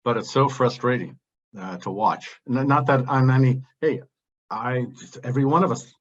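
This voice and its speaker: A husky man talks bluntly and with passion, his speech wandering off on tangents. The sound is dull and lo-fi, like audio from a video call. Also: mid-range voice, normal speed. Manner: blunt, impassioned, digressive. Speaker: panelist. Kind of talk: heated open discussion.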